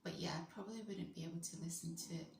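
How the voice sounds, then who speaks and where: Woman, whispered casual chat, rambling, lowish voice, echoey room. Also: steady tone, racing, vocal fry, slight background noise. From United Kingdom. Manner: soft, mostly whispered, rambling. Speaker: vlogger. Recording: roomy echo.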